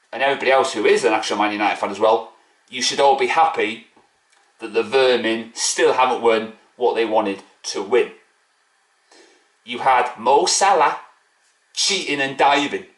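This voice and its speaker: A man's voice: mid-range voice, moderate pace, pauses often, a bit bright. A man ranting mockingly to camera about a rival football club in a fan video. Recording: echoey room.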